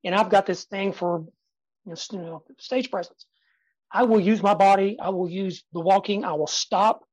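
A man in his fifties, a guest speaker in a podcast interview, talking energetically and emphatically with dramatic pauses and sudden soft drops. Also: sits high, no room sound, low-quality recording. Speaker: guest speaker and sales trainer.

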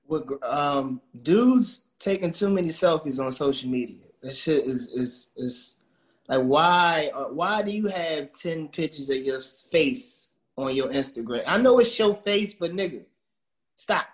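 A man's voice: fairly high pitch, lively intonation, a little slow, reverberant. A man as a podcast guest, ranting about pet peeves with lots of swearing. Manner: ranting and swearing, with repeated filler words. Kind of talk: casual chat.

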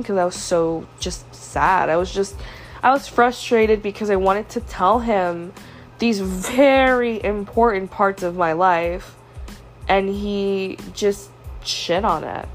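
A young woman hosting a podcast, confiding a personal story in a hurt, frustrated way. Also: medium pitch. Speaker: podcast host. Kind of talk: personal venting monologue.

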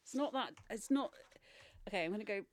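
A woman, a quiz guest, who laughs often and thinks out loud with restarts. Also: mid-range voice, lively intonation, fairly quick, dry recording. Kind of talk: casual podcast banter.

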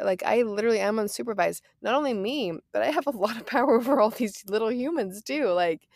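A woman's voice: a little high, expressive, fast, vocal fry, hardly any pauses, darkish tone, no echo, clean studio sound. A woman in her thirties, a mother and podcast co-host, chatting playfully with lots of fillers. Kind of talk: casual chat.

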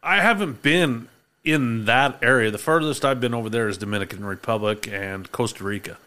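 A laid-back man chats easily, laughs a lot and swears casually. His voice is bright and sharp, at a medium pitch. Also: moderate pace. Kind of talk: casual chat.

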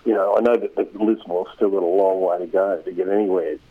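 A man with a somewhat low, husky voice talks as a regular radio commentator. He rambles and halts, restarting his sentences often. The sound comes down a dull, lo-fi phone line. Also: steady tone. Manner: rambling, halting, many restarts. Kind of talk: casual radio chat.

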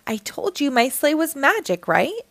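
A woman's voice: high-pitched, very animated, moderate pace, no echo, voice pushed up. A kindly, cheerful old Santa who speaks with a smile and patiently shows children the world, as a woman reader puts him on. His lines rise and fall with plenty of life. The recording is dry and close. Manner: warm, smiling, gently explaining.

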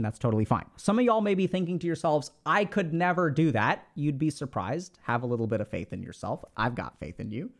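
A man talking through advice on a podcast, his voice sitting a little high and swinging widely in pitch. He acts out little quoted exchanges and drops casual slang as he goes. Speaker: podcast host giving advice.

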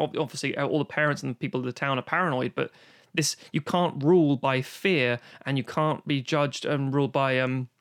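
A man co-hosting a podcast, chatting casually and enthusiastically about an old film, swearing freely and rambling with restarts. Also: on the high side. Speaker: podcast co-host. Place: home, recorded remotely during lockdown.

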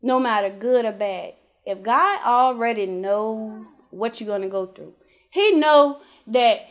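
A woman casually telling her faith testimony in an interview, animated and emphatic, acting out conversations in colloquial speech. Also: on the high side, unhurried. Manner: animated storyteller who acts out dialogue with God and her kids; colloquial, emphatic, rising to exclamations.

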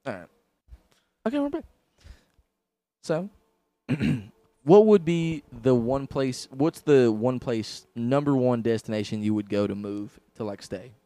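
A man's voice: mid-range voice, measured pace, dark tone, no echo. A man from Canada with a Southern US accent, hosting a casual podcast chat in a crude, swearing, rambling way. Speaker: podcast host.

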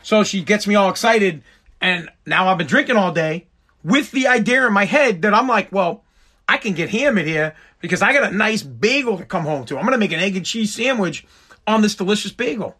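He's a tipsy middle-aged podcast host cursing his way through a rambling monologue, building to exasperated rants. The voice sits high, with lively intonation, a slightly fast pace, and a sharp tone.

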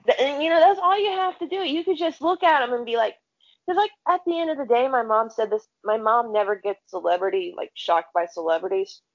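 A woman's voice: fairly high pitch, brisk. A woman co-hosting a casual chat, telling stories bluntly with lots of swearing and acted-out dialogue. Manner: blunt, profane storytelling with quoted dialogue. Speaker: podcast co-host. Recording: dull lo-fi sound.

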